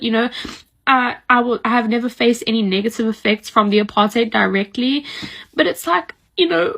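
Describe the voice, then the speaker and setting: A woman's voice: high-pitched, creaky, fairly bright tone. A young woman in her twenties from South Africa, with a South African accent, venting in a casual vlog and leaning hard on "like". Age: 20s. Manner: frustrated, heavy use of "like".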